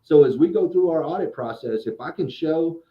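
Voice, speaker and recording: A man talks through credit repair in an easy podcast chat, his voice sitting a little high for a man. He often restarts phrases and repeats words as he builds his point. The sound is dull and lo-fi, with a roomy echo around him. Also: expressive, moderate pace. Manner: explanatory, restarts and repeats words, acts out quoted exchanges.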